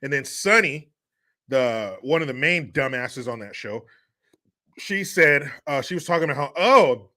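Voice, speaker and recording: Forceful, mocking male podcast host. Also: mid-range voice, animated, moderate pace. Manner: crude, mocking, profane, often laughing scornfully. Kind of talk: solo commentary rant.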